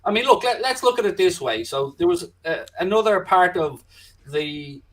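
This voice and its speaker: A man's voice: high-pitched, animated, moderate pace, poor audio. A man, co-hosting a casual football chat and talking in confident, emphatic long runs. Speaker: podcast co-host.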